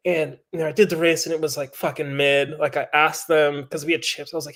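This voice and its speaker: A man's voice: fairly high pitch, fast talker, few pauses. A man, a pro mountain biker, telling a story in casual chat with swearing and acted-out quotes. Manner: animated, swears, acts out quoted voices.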